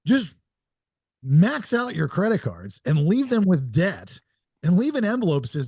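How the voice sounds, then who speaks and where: A man's voice: high voice, huge pitch swings, a little slow, darkish tone, husky, no room sound, clean studio sound. A man co-hosting a podcast, joking and riffing through casual chat. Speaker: podcast host.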